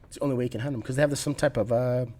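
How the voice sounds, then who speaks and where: Fast-talking rambling man. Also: medium pitch, fairly even intonation, a little mellow. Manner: rambling, laughing, frequent restarts. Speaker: podcast guest telling stories. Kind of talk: casual storytelling.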